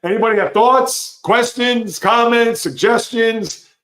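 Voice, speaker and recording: A man hosting a live sports talk stream, reading chat comments and giving opinionated, animated reactions. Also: very high-pitched, unhurried. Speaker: sports show host.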